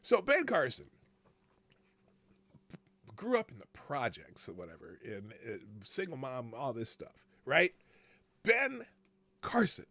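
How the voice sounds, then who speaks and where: Man, live talk show host, lively pitch, gravelly edge, chatty, laughs a lot. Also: dry recording. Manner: animated, laughing, greets chat viewers by name. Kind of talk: casual political commentary, live stream.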